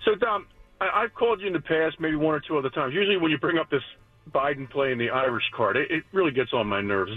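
A man's voice: on the high side, breathy edge. A man calling in to a radio show, talking earnestly with stumbling restarts, heard over a phone line. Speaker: caller. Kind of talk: call-in talk.

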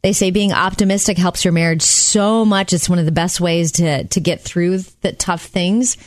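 A woman co-hosting a chatty show, telling stories in a lively, animated way. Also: fairly low pitch, moderate pace, no echo, studio quality. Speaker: radio co-host. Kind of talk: casual chat.

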